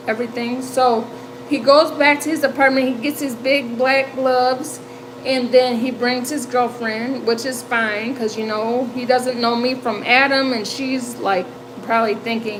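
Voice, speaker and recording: A woman in her fifties talks to her stream audience in a relaxed, unhurried way, her voice sitting high. She tells her story chattily and laughs as she goes, and a faint hum runs underneath. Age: 50s. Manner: chatty, animated, laughs often, reads chat aloud. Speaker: livestream host. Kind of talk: casual storytelling chat. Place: home.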